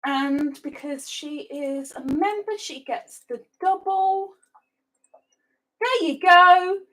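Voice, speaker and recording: Woman, live-stream host, unhurried talk, chatty, repeats phrases, laughs often, home setup. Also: high-pitched, fairly bright tone, poor audio. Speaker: livestream host. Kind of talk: casual live-stream chat.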